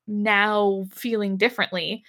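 A woman chatting casually, recapping a TV episode with lots of fillers and quick paraphrases. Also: mid-range voice, steady tone, fairly bright tone. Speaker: podcast co-host recapping an episode. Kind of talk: casual chat.

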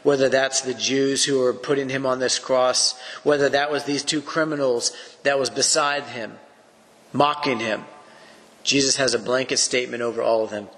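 A man's voice: mid-range voice, steady tone, normal speed, fairly bright tone, big-room sound. A man teaching through a Bible passage on a podcast. He speaks earnestly in a preacherly way and poses rhetorical questions.

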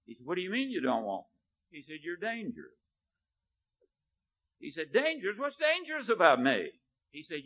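Male preacher, storytelling sermon, animated pitch, often falls to a quiet, low delivery. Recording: narrow, phone-like lo-fi recording.

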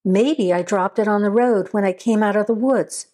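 A woman's voice: mid-range voice, moderate pace, darkish tone, close to an everyday voice. A woman voicing a volatile, angry young man on the run, swearing and snarling as he makes demands.

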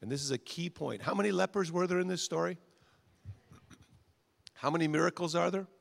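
A middle-aged male pastor preaching a sermon, repeating short phrases and swinging from quiet to loud. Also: fairly high pitch, a little fast, vocal fry.

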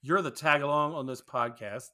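A man's voice: medium pitch, normal speed, crowd noise. A man co-hosting a podcast in casual film-review chat, rambling, opinionated and profane. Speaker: podcast co-host.

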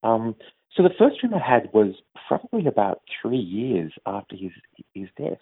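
A low-pitched man speaks slowly and thoughtfully, stopping often to find his words. His voice is raspy with a gravelly edge. It sounds tinny and dry, like a phone line. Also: very animated, dry recording. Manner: thoughtful, hesitant with many fillers. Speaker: grief organization head, interview guest. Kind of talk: reflective interview answers.

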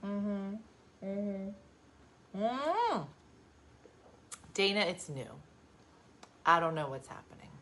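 A woman's voice: medium pitch, sing-song, drawn-out words, long pauses, a bit bright, slight background noise. Chatty mother reading viewer comments. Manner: chatty, reading comments aloud, lots of mm-hmms. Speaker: host, mother. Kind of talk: casual livestream chat.

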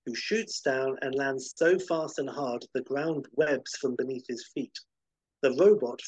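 A man hosting a podcast, casually rambling through a film pitch scene by scene with lots of fillers. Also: slightly rough, no echo, poor audio. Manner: rambling, many fillers and restarts, vivid scene-by-scene description.

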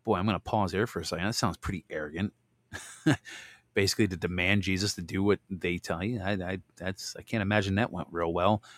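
A man with a fairly low voice reads scripture aloud at a deliberate pace. He breaks off now and then for loose, conversational comments to his audience. The sound is close and dry. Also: fairly even intonation, fairly bright tone, no echo. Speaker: host reading and commenting on scripture. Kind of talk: Bible reading with casual commentary.

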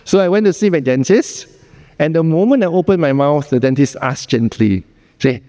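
Male preacher, earnest sermon, rhetorical questions, warm mellow tone, church hall echo. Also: a little high, expressive, moderate pace. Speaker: pastor. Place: church sanctuary.

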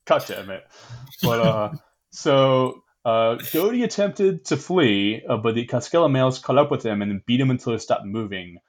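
A man's voice: medium pitch, animated, measured pace. A young man hosting a casual history podcast, rambling with many fillers, laughing often and swearing casually. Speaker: podcast host.

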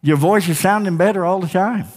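A male pastor preaching a sermon in a church, emphatic and rising to shouts, calling for responses from the congregation. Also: high voice, fairly quick. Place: church sanctuary. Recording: long hall reverb.

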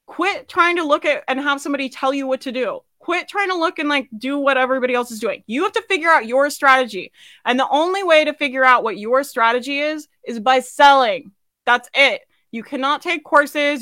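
Bright-voiced blunt woman business coach. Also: fairly high pitch, brisk, no echo. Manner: blunt, swears casually, laughs often; asks the audience questions. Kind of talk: live sales training.

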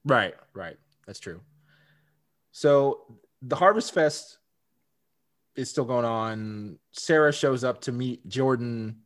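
A man's voice: mid-range voice, expressive, takes it slowly, long pauses. A man co-hosting a podcast, casually recapping a TV episode, chatty, laughing often and repeating words. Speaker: podcast co-host.

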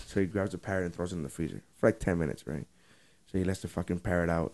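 A man in his thirties from Nicaragua, a comedian telling jokes on a casual podcast, laughing often and dropping his voice low for punchlines. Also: fast.

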